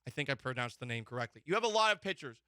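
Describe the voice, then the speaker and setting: A man's voice: medium pitch, racing, clean tone, dry recording, clean studio sound. A man hosting a sports talk show, opinionated and joking. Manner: animated, mock-emotional, joking.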